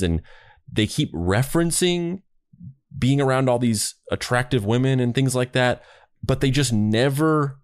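A man's voice: fairly low pitch, smooth, no room sound, studio quality. A man co-hosting a podcast in a rambling, casual discussion with frequent restarts. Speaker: podcast co-host.

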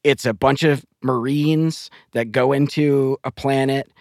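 A man's voice: medium pitch, steady tone, a little slow, gravelly, no room sound, studio quality. A man co-hosting a podcast in casual chat, teasing his co-host in a playful way.

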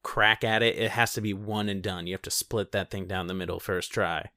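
A man's voice: deep voice, steady tone, brisk, pushed and bright, no echo. Joking young man, dry sound. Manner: joking, rambling with many fillers. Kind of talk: casual chat.

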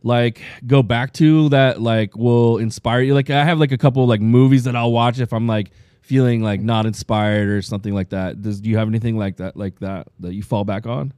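A man's voice: mid-range voice, steady tone, normal speed, dark tone, no room sound, studio quality. A man hosting a podcast, laid-back and agreeable, often calling his guest dude or man. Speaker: podcast host. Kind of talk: casual podcast interview.

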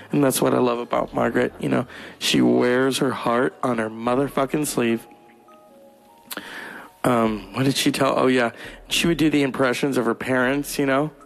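Male stand-up, California, crude storyteller, gravelly low-middle voice, faint music behind. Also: fairly even intonation, normal speed. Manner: crude, profane storytelling with shrill voices for others. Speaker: stand-up comedian. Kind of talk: stand-up monologue.

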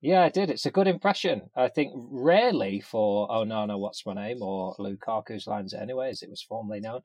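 A man's voice: fairly low pitch, fairly quick, a little mellow, dry recording. Dry teasing male podcast host. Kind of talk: casual podcast chat.

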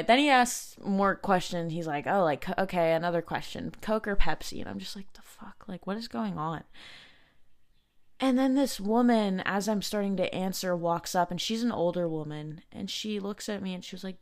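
A young woman hosting a podcast, telling a personal story in a casual, halting way, full of fillers and restarts. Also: medium pitch. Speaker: podcast host.

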